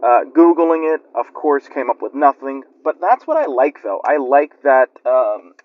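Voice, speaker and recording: A man's voice: mid-range voice, sing-song, measured pace, dry recording. A man telling a spooky story in a rambling, chatty way with lots of fillers. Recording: lo-fi muffled recording.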